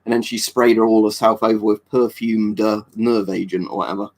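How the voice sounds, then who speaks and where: His voice is low and darkish, with little pitch movement and a slightly fast pace. This Englishman hosts a live stream and casually answers viewer comments, rambling and offhand with lots of fillers and restarts.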